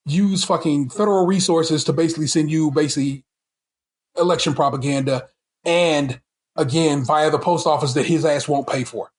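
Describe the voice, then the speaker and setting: A man hosting a casual podcast chat, ranting with heated, profane frustration and stumbling restarts. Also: on the high side. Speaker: podcast host.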